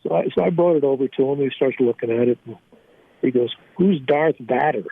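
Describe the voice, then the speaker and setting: Older man, halting storyteller, lots of fillers, tinny phone line, dry sound. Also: mid-range voice, creaky, no room sound. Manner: halting, many fillers and restarts, laughs at own stories. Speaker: guest, former team scout. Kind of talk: storytelling in a casual interview.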